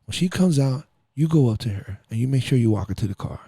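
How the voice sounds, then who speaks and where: A man's voice: mid-range voice, animated, fast talker, creaky, mellow, husky, no echo. A man voicing a tough street gangster who lectures a teenage boy in a stern, profane way. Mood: instructive.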